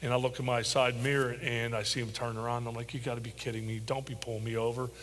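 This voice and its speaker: Middle-aged guy telling his story slow and heartfelt, lotsa ums, echoey church hall. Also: mid-range voice, flat delivery, a bit bright, slight background noise. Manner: halting and heartfelt, many pauses and ums. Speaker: interview guest, father. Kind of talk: personal storytelling interview.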